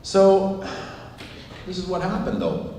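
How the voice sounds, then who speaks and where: A man who teaches giving a presentation, telling a story in an animated, self-mocking way. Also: high-pitched, takes it slowly, slight background noise. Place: large hall with audience. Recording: echoey hall recorded from far off.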